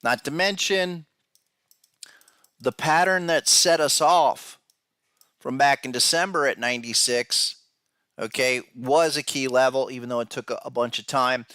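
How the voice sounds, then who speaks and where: A man's voice: medium pitch, steady tone, measured pace, bright, forceful tone, clean tone, no room sound, clean studio sound. A man hosting a podcast, giving casual market analysis, who talks to viewers directly and often repeats words as he goes. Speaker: podcast host and trading analyst.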